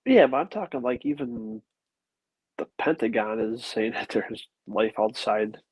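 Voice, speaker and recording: Man, New York accent, husky gravelly voice, dry close sound, laid-back. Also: medium pitch, expressive, measured pace, a little mellow, no echo, poor audio. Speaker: podcast co-host. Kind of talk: casual chat.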